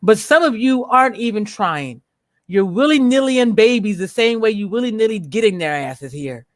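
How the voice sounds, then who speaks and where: A woman hosting a livestream, speaking bluntly and with profanity as she rants at viewers, slowing down to stress her words. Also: medium pitch, animated, no room sound, studio quality. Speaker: livestream host. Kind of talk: unscripted livestream commentary.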